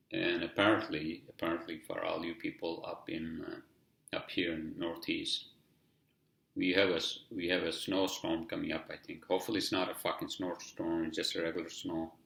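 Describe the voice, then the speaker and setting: Deep gravelly man rambling on a podcast. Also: little pitch movement, moderate pace, a bit bright, roomy sound. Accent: heavy non-native English accent. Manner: rambling and profane, heavy on "you know" fillers. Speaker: podcast host. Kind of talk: casual solo podcast monologue.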